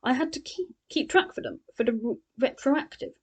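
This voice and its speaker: A calm male killer talks in a clinical, methodical way, sure he is obeying orders from the future. A woman reads him aloud, with the rise and fall of her own lively reading voice. He sounds like a character in a spoken book review. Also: sits high, normal speed, slightly rough, pitched above the performer's own voice, full character voice.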